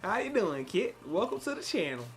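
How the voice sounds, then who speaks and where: A man's voice: high voice, very animated, brisk, over music. Streamer man in a put-on cowboy drawl. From Chicago. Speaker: live streamer. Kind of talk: live gameplay stream chat.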